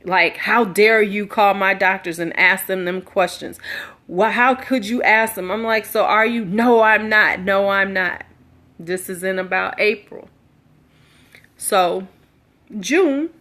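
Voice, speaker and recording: A woman's voice: mid-range voice, pushed and bright. A middle-aged woman candidly telling a personal story live, acting out quoted dialogue with emphasis. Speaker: livestream storyteller.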